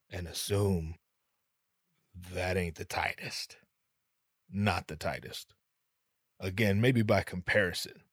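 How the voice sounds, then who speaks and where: A man's voice: low voice, dry recording, clean studio sound. A man hosting a podcast, cracking jokes in a casual monologue full of swearing and sudden put-on voices. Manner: profane, joking, slips into voices. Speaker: podcast host.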